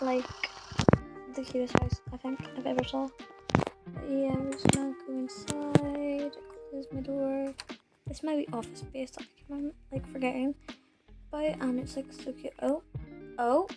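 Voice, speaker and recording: A British woman with a high voice narrates her game roleplay in a loose, rambling way, filling gaps with "like" and "um". Her throat is sore. Loud music plays under her voice the whole time. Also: flat delivery, a little slow, rough recording. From United Kingdom. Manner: rambling, many "like" and "um" fillers. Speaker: roleplay gamer.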